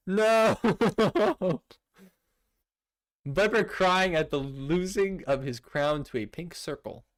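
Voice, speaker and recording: Animated young male streamer. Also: mid-range voice. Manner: animated, laughing often, playfully indignant. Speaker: streamer reading viewer messages. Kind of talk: casual livestream chat.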